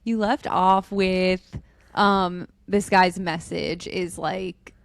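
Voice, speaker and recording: A woman's voice: lowish voice, steady tone, very slow, gravelly, no echo. Young woman on a dry mic. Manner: supportive listener, frequent "yeah", retells the story back. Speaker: podcast co-host. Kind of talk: casual chat.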